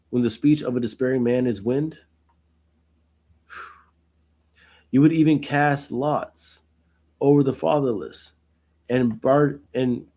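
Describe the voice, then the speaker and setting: A warm, mid-range male voice leads this Bible study, reading scripture aloud before explaining it in a casual way. He often asks his listeners "right?"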